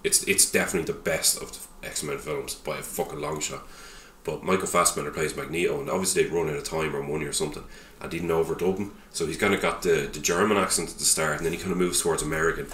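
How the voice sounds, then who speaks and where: A man with a very low voice co-hosts a casual podcast and tells jokey, sweary stories at speed. He sits a little away from the mic, and the room around him is echoey. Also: fast, recorded from a distance, a little hiss or hum. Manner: joking, sweary, animated storytelling. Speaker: podcast co-host. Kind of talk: casual chat.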